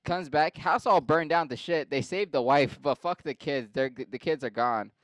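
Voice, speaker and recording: A man's voice: fairly high pitch, moderate pace, no room sound. A man hosting a podcast, ranting crudely and sarcastically with lots of profanity. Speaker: podcast host. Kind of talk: crude comedic rant.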